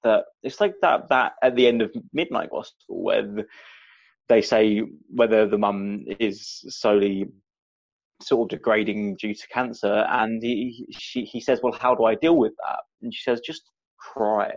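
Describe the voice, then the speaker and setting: A young man from England in casual chat, halting and searching for words. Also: fairly low pitch, steady tone, vocal fry, muffled recording.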